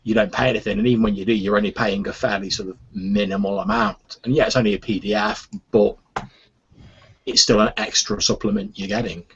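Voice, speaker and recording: A man's voice: lowish voice, steady tone, fairly quick, a bit bright, a little hiss or hum. A man talking in a rambling, casual way on a podcast, full of "sort of" and fillers. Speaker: podcast host. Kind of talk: casual chat. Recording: dull lo-fi podcast audio.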